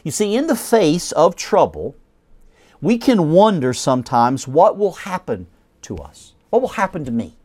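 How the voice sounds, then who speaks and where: A man preaching a sermon, reading scripture aloud and explaining it, slowing and dropping his voice at the ends of phrases, sometimes correcting himself. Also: a little high, big pitch swings, darkish tone. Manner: self-corrects mid-sentence.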